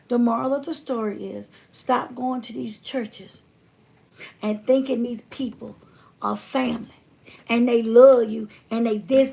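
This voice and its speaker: A woman hosting a livestream, talking bluntly and fiery, reading viewer comments and swinging from loud to hushed. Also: a little high, creaky. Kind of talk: casual preachy livestream talk.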